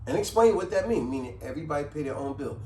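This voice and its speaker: Animated man talking from off the mic. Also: on the high side, quick pace, recorded from a distance, a little hiss or hum. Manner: animated, acts out quoted people in a raised voice. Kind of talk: casual advice talk. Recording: roomy sound from off the mic.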